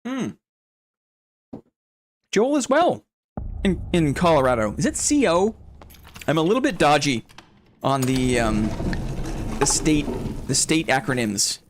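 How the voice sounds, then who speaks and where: A man streaming a game live, chatting with his viewers, thinking out loud, repeating short phrases and getting jumpy and excitable during fights. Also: fairly high pitch, measured pace, long pauses, slight background noise. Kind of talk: live gameplay commentary.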